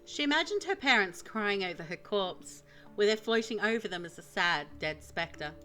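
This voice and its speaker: A woman streamer narrating a visual novel with dramatic, expressive storytelling. Her voice is bright and mid-pitched, rising and falling with lively range. Light music plays in the background. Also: moderate pace.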